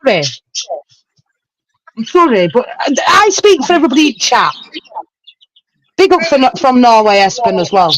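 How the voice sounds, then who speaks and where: A woman's voice: fairly high pitch, sing-song, moderate pace, pauses often, a bit bright, rough recording. An older woman on a football fan livestream, ranting in exasperation, swearing heavily and then apologizing. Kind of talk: heated casual fan chat.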